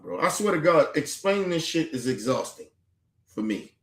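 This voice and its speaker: A man's voice: on the high side, big pitch swings, normal speed, a bit bright. A man giving casual, profanity-laced reaction commentary as a streamer, sounding exasperated. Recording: echoey room.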